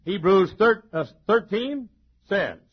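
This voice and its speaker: A male pastor preaching a folksy, joking sermon, chuckling often and swinging between loud and soft. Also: high-pitched, lively intonation, slow pace, slightly rough. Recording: dull lo-fi sermon recording.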